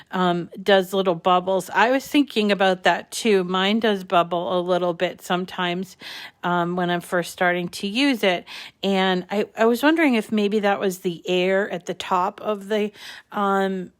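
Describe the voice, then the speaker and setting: A woman hosting a live paper-crafting tutorial, chatting casually with many ums and small restarts as she walks viewers through each step. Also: medium pitch. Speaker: crafting channel host.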